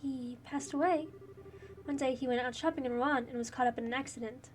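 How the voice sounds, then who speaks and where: A woman's voice: high-pitched, fairly even intonation, a little fast, recorded from a distance, a little hiss or hum, close to an everyday voice. A woman voicing a kind, motherly older woman who runs an orphanage, with faint game music behind. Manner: warm, motherly.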